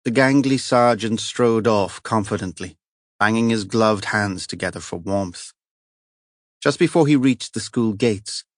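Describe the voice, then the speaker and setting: With a fairly low pitch, a male audiobook narrator reads a novel in scripted form, his storytelling even and measured. The recording is studio quality and free of echo.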